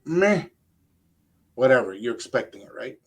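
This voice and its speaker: Older man, radio co-host; rambling, animated storyteller, casual chat. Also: mid-range voice, moderate pace. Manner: animated, rambling anecdote with quoted asides.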